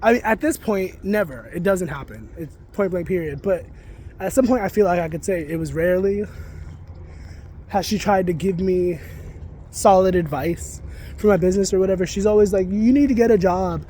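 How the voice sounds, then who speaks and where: This man's high, dark-toned voice carries a little hiss or hum as he vents at a moderate pace. He's a psychic reader and spiritual content creator doing a profane, rambling vlog rant outdoors near geese.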